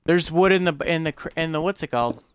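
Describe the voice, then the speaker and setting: A man's voice: a little high, fast, a little hiss or hum. Rambling man narrating his gameplay. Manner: rambling, searches for words, exclaims in panic. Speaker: gameplay streamer. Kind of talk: casual gameplay commentary.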